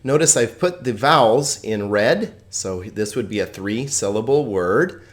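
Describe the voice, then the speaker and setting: A man teaching Greek in a recorded video lesson, chatty and joking, slowing down to carefully pronounce example words. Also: fairly low pitch, expressive. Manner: chatty, joking, laughs at own puns.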